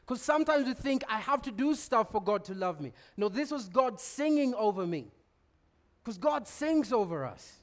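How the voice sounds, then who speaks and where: High-voiced man preaching. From Kenya. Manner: animated storytelling, stammered restarts, bursts of laughter. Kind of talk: sermon.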